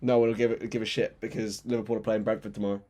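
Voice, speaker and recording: A young man hosting a live football watchalong, chatting with viewers and switching into excited play-by-play commentary. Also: on the low side, rapid-fire. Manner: chatty, reads chat aloud, bursts into excited play-by-play.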